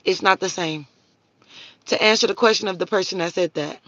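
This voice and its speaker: A woman's voice: medium pitch, brisk, a bit bright, dry recording, lo-fi sound. A woman hosting a livestream, talking bluntly and profanely and answering viewers' comments in a preachy, casual rant. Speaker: livestream host.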